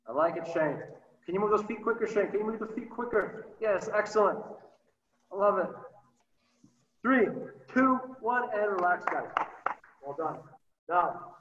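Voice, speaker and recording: A man coaching youth soccer over a video call, energetic and encouraging, calling out short repeated cues. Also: high-pitched. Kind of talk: virtual training session coaching. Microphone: computer mic on a video call. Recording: roomy, distant, dull sound.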